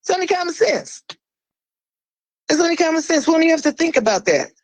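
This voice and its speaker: A woman speaking as a guest in a podcast conversation, blunt and fiery. She swears freely and drops suddenly into a low, slow voice for emphasis. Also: very animated, no room sound, rough recording.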